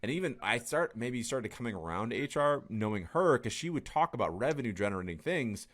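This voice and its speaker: A man hosting a podcast interview, talking in a rambling, animated way with casual swearing and frequent laughter. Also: medium pitch, fairly quick. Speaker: podcast host.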